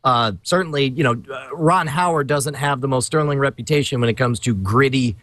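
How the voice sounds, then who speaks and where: A man's voice: medium pitch, brisk, a bit bright, no echo. A man co-hosting a podcast, chatting casually and enthusiastically, repeating words for emphasis. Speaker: podcast co-host. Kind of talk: casual chat.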